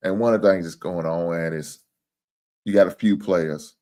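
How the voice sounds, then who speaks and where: A man hosting a casual livestream, talking with viewers and reading their comments, swinging from low mumbles to loud, cursing, exasperated rants. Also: fairly even intonation, moderate pace. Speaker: livestream sports show host.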